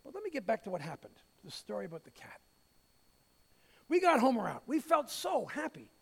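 A man pastor preaching a sermon, telling a story with light humor in an expressive way. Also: very high voice, fairly quick, creaky, slightly rough. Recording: hall reverb.

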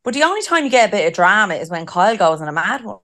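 A woman's voice: medium pitch, sing-song, rapid-fire, a bit bright. A middle-aged woman co-hosting a podcast in casual chat, swearing freely and laughing often. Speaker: podcast co-host.

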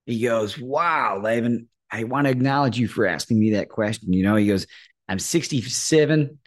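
A middle-aged man, a guest on a podcast, telling a story in a lively way, acting out the people he quotes and often asking "right?". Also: mid-range voice, moderate pace. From Australia. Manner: acts out quoted voices, often asks "right?". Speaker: guest, courage coach. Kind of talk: animated storytelling in a podcast interview.

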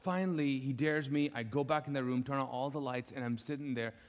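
Animated man preaching in a reverberant hall. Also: medium pitch, a little fast. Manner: animated, acts out quoted dialogue. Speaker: pastor. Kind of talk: sermon storytelling. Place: church auditorium, live. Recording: long reverb of a large church hall.

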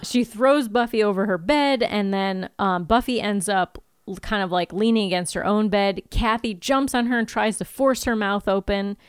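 A woman's voice: medium pitch, moderate pace, few pauses, clear, resonant tone, dry recording, studio quality. A woman co-hosting a podcast, recapping an episode in a chatty, giggly way. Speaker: podcast co-host.

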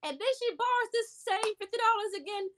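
Woman putting on a sneering young mean girl, cackling, high and shrill, sharp tone. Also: measured pace, heavily acted. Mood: mocking laughter. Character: cruel young woman mocking through hysterical laughter.

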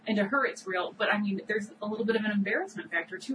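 A woman's voice: mid-range voice, quick pace, few pauses, distant mic, background noise. A woman co-hosting a podcast, talking over a TV episode in a rambling, reflective way with many fillers. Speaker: podcast co-host. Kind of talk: casual chat recapping a TV episode.

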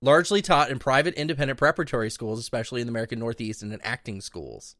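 A man's voice: mid-range voice, racing, fairly bright tone, no echo, studio quality. Sardonic, sweary man on a podcast. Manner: profane, sardonic ranting. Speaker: podcast co-host. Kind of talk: casual advice chat.

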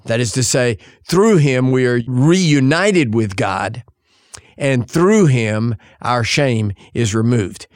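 A man preaching a sermon in an earnest voice, pausing for effect and quoting scripture in old-fashioned wording. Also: mid-range voice, animated, no room sound, studio quality.

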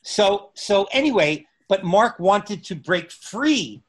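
A middle-aged man telling a story in casual conversation, unhurried, pausing often and restarting his phrases. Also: sits high, big pitch swings, fairly bright tone. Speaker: guest recounting stand-up comedy memories.

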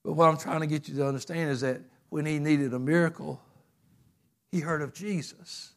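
A man preaching a fervent sermon, telling stories and swinging from loud bursts to hushed passages. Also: a little high, steady tone, moderate pace.

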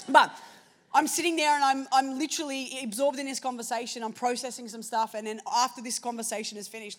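A woman preacher telling a personal story in a sermon, shifting between hushed and loud moments. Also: fairly high pitch.

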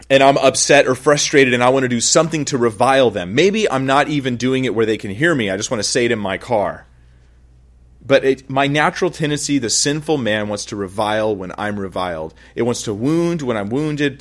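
A man preaching a sermon in a casual, conversational way, acting out little quoted asides and laughing now and then. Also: medium pitch. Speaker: pastor.

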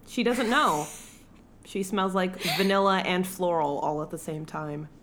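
A woman's voice: fairly low pitch, measured pace, a bit bright, slight background noise. A young adult woman co-hosting a podcast in casual, rambling, self-mocking chat. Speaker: podcast co-host.

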